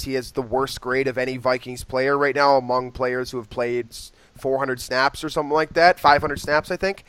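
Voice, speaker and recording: A man's voice: mid-range voice, a bit bright, dry recording. Young man giving frank football opinions. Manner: opinionated, hedging with fillers. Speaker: podcast co-host. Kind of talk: casual sports podcast chat.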